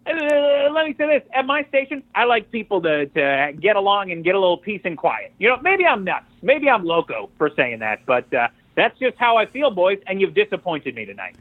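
A man's voice: sits high, normal speed, hardly any pauses, dry recording. A man playing a folksy station boss on a phone line. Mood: disappointed. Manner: calm, rambling, soothing lecture. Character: folksy male radio station owner calling in. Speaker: station owner. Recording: tinny dry phone line.

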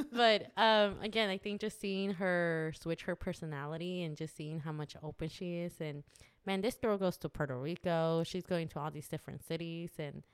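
Chatty woman who laughs a lot. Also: on the low side. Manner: chatty, laughs often, rambling storytelling. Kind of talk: casual chat.

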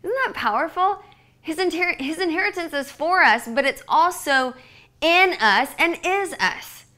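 Bright, earnest woman Bible teacher. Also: very high voice, lively intonation, unhurried. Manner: earnest, conversational, emphatic, often dropping to a soft hush. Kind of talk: devotional podcast teaching.

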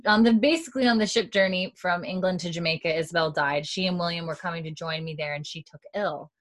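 A woman voicing a formal, grieving English gentleman in a lowered, subdued voice while recapping a show. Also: quick pace, dry recording, lightly acted.

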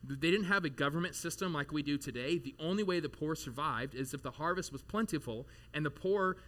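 A man's voice: a little high, fairly quick, fairly bright tone. A man in his thirties, a pastor giving a sermon in a church, talking conversationally and animatedly with casual asides. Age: 30s.

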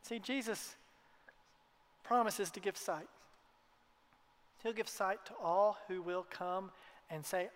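A man preaching a sermon to his congregation in a church, earnest, sometimes dropping to a hushed tone for emphasis. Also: high voice, slow, long pauses. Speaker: pastor. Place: church hall. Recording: long hall reverb.

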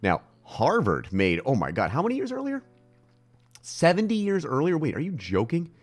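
A man's voice: a little high, wildly swooping pitch, normal speed, soft background music. A man co-hosting a casual chat podcast, joking and ranting with mock outrage and rambling asides. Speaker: podcast co-host.

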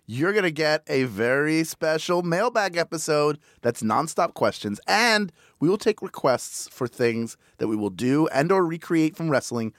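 A man's voice: a little high, lively intonation, a little slow, few pauses, fairly bright tone, no room sound. A man co-hosting a podcast, playful and upbeat as he lays out fundraising goals in casual chat over a close studio mic. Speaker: podcast co-host.

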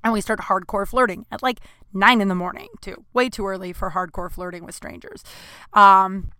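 Young woman comedian, smooth clear voice, dry close sound, chatty rambling storyteller. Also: mid-range voice, steady tone, normal speed, sharp tone, no echo. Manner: chatty, rambling, self-deprecating asides. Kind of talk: comic storytelling.

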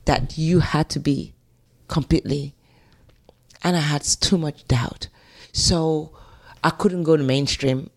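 Speaking deeply and at a measured pace, this middle-aged woman with a Nigerian accent tells stories as a guest in an interview. Her style is lively and conversational; she scats and performs the quotes she recounts.

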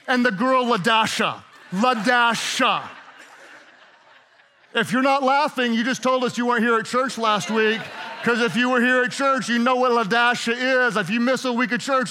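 A man's voice: very high-pitched, pushed and bright. A middle-aged man preaching a sermon, retelling a story in a playful, chatty way and laughing often. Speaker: pastor.

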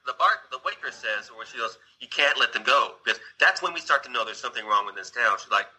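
A man's voice: mid-range voice, animated, fast talker, sharp tone, rough recording. A man casually retelling a film scene, rambling along with restarts and asides to his listener. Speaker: storyteller.

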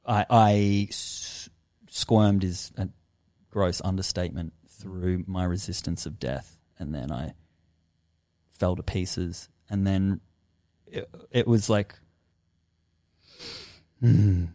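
A man talking as a podcast guest, telling a personal story in a lively, casual way, swearing often and acting out his own past thoughts. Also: deep voice, slow pace, pauses often, no echo, studio quality.

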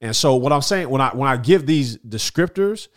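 A man in his thirties, a former radio host, telling stories in a casual chat, animated, with many fillers and restarts. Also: mid-range voice, normal speed.

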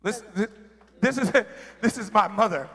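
A man with a somewhat high, husky voice tells a candid personal testimony, stumbling over restarts as he goes. His words ring out in a reverberant church hall. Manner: candid, animated, with halting restarts. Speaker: guest sharing testimony.

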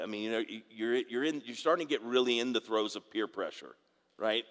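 A man's voice: fairly low pitch, brisk, a bit bright. Man preaching in a reverberant hall. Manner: conversational preaching with asides and audience call-outs. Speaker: pastor. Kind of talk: sermon.

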